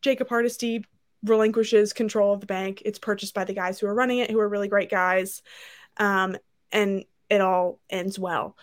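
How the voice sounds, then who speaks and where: A woman co-hosting a book podcast, retelling the plot in casual chat and acting out the characters in quick, animated voices. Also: medium pitch.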